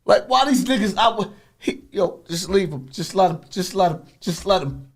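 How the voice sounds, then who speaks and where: Intense confessional man, high voice, repeats himself. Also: expressive, normal speed, husky. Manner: intense, rambling, repetitive. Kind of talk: raw confessional talk.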